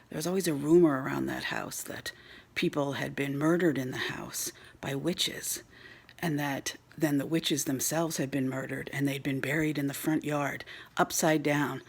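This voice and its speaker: A woman telling a spooky ghost story in a hushed voice that often drops to a whisper. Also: low voice, gravelly, husky.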